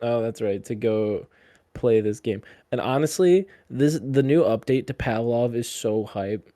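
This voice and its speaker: A young man co-hosting a podcast, teasing his friends with deadpan jabs in casual chat. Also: mid-range voice, measured pace, no room sound, studio quality. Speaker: podcast co-host.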